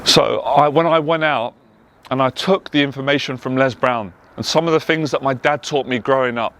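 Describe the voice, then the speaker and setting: London guy, motivational speaker, earnest and emotional, pitch sits in the middle. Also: normal speed, a bit bright, slight background noise. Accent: London English. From England. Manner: earnest, emotional, repetitive emphatic phrasing. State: tearful at times. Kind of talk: personal testimony monologue.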